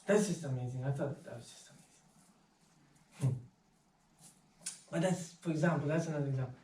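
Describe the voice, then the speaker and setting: A man's voice: fairly high pitch, a little fast, recorded from a distance, slight background noise. Man telling a story in an echoey hall. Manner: anecdotal, animated, acts out quoted voices. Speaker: speaker. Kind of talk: inspirational talk. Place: meditation centre hall.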